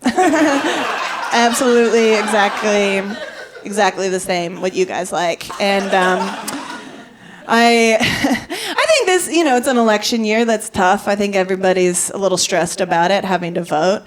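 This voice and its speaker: A woman's voice: medium pitch, normal speed. A woman in her thirties from Virginia, doing a playful stand-up set on a comedy stage and chuckling at her own punchlines. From Virginia, USA. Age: 30s.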